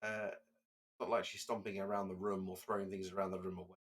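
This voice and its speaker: A man narrating as game master, in a loose, halting way with fillers and restarts. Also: deep voice, little pitch movement, husky.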